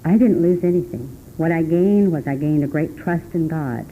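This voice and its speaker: A middle-aged woman sharing her story at a recovery meeting, rambling and earnest, with many restarts and sudden laughing jumps in pitch. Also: normal speed, mellow, low-quality recording. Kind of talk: personal testimony talk. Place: meeting room. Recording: faint hum on an old tape recording.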